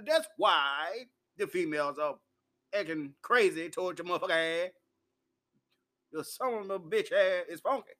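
A brash man with a fairly high voice hosts his own uncensored talk show. He swears freely, laughs often and tells his stories with loud, unfiltered bluntness. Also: expressive, moderate pace. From Memphis, US. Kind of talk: uncensored solo monologue.

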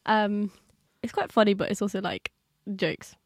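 A woman's voice: mid-range voice, fairly even intonation, normal speed, dry recording, clean studio sound. A young woman, co-hosting a podcast and telling a story in casual chat, laughing and acting out quotes. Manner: chatty, laughing, acts out quotes in a raised voice. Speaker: podcast co-host.

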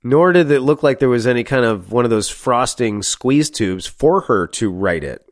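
A man co-hosting a movie review podcast, talking in an animated way, often laughing and saying "like" a lot. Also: medium pitch, normal speed, no echo, clean studio sound. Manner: animated, laughing, heavy use of "like". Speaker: podcast co-host. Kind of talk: casual movie review chat.

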